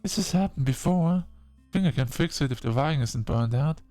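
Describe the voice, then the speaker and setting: A man's voice: lively intonation, a little fast, warm tone, no room sound, soft background music, natural voice. A man doing a panicky, tearful young hero. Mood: anxious, defensive. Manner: high, panicky, stammering. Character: frightened, tearful young protagonist.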